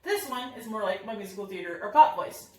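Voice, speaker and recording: Brisk and animated, this young female voice teacher explains how to sing during a lesson demonstration, her medium-pitched voice friendly and upbeat. The room echoes noticeably, and she sounds a bit distant from the microphone.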